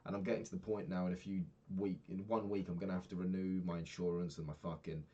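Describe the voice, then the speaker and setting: Young man from the UK, casual diary vlog, very low voice, rambling, swearing. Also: steady tone, quick pace, mellow, muffled recording. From United Kingdom. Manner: rambling, swears often, loses his thread. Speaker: vlogger.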